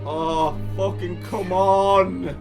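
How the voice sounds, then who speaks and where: A man giving live reaction commentary, swearing often and crying out in excitement. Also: sits high, drawn-out words, gravelly, music in the background. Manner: swears a lot, cries out in excitement. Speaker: video reactor.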